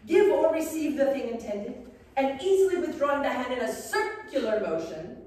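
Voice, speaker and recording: A woman plays a colonial-style headmistress, guiding a class through bows and dance steps with genteel, prim instruction and a playful streak. Her voice is fairly high and swoops around a lot. She is heard from a distant camera in a very echoey room with a faint hum behind her. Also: big pitch swings, normal speed, darkish tone. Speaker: costumed interpretive guide playing an academy headmistress. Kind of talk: in-character living-history lesson. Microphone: far camera. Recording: echoey room, voice far from the mic.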